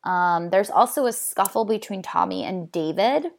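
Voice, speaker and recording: A woman's voice: mid-range voice, animated, normal speed. A woman casually retelling a movie's plot, chatty and full of "um" and "like". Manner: chatty, filler-heavy, with frequent "um" and "like". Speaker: film recapper.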